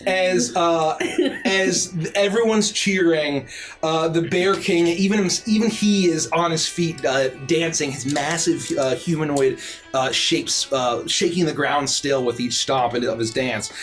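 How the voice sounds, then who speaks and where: A man narrating as game master, animated and full of fillers like "uh". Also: fairly high pitch, a little slow, faint music behind.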